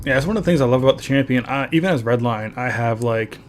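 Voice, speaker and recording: A man talking through a game stream at an easy, conversational pace, reading chat messages and laughing along. His voice sits at an ordinary middle pitch. Faint music plays underneath. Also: quick pace. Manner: chatty, reads chat aloud, laughs often. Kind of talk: casual gameplay commentary.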